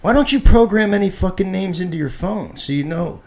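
A man's voice: sits high, lively intonation, fairly quick, vocal fry, dark tone. A man co-hosting a podcast, needling and teasing his friend in crude, profane banter. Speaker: podcast co-host.

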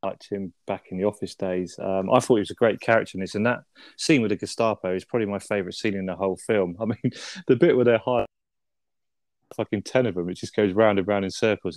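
A man's voice: fairly low pitch, a little mellow, no room sound, studio quality. A man chatting casually as a film podcast co-host, often ending with tag questions and swearing now and then. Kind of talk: casual film review chat.

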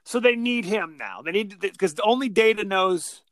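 Bright-voiced man riffing on a movie. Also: sits high, no room sound. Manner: animated, acts out scenes in quick mock voices. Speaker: podcast co-host. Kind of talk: casual movie discussion.

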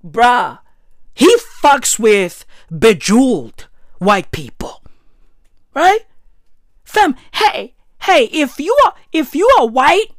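A woman rants in a heated, profane, repetitive way. Her voice sits high and swings widely in pitch. The sound is dry and close, with no room echo. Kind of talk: profane ranting monologue.

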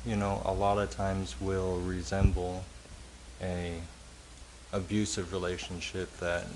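A man co-hosting a casual talk show. He speaks in a halting, candid and self-deprecating way. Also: low-pitched, monotone, noisy background. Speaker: podcast co-host. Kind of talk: casual conversational chat.

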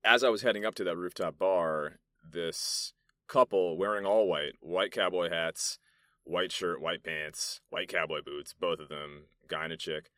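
A man's voice: low-pitched, steady tone, measured pace, pushed and bright, no echo. A young man from New York hosting a solo podcast, rambling and swearing through loose stories full of fillers, recorded in a soundproof meeting room. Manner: rambling, profane, storytelling with many fillers. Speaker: podcast host. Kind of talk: casual solo podcast monologue.

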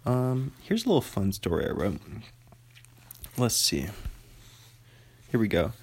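A young man casually reading his own writing aloud, relaxed, with ums and asides. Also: lowish voice, unhurried, slightly rough.

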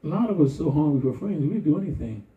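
Animated older preacher, echoey distant sound. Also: male voice, fast talker, phone-quality sound. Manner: animated colloquial preaching with sudden high-pitched exclamations. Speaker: pastor. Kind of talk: sermon.

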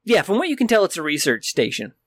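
A man running a sci-fi tabletop game as game master, describing scenes in a relaxed, hesitant way. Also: high voice, fast, no echo.

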